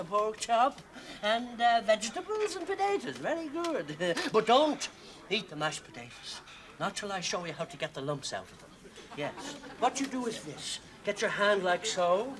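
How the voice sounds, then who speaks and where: A man's voice: high voice, sing-song, a little slow, crowd noise. A man playing a pushy, know-it-all restaurant diner in a 1970s TV sketch, talking over people in an overbearing, clowning way. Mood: boastful. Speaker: comic sketch performer. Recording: TV studio with audience laughter.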